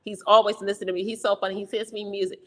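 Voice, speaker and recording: A young woman talking quickly and loudly, full of energy as she co-hosts a casual chat. Her voice rings out with a long hall reverb behind it. She has a mid-range pitch. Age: young adult. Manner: fast, loud, animated talker. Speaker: co-host, stroke survivor.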